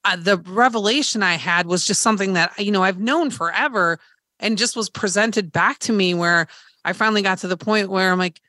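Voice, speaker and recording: Bright, candid woman telling a story. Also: mid-range voice, fairly quick, dry recording, studio quality. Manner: swearing, animated retelling with quoted dialogue and laughter. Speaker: podcast host. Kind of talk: candid storytelling in casual chat.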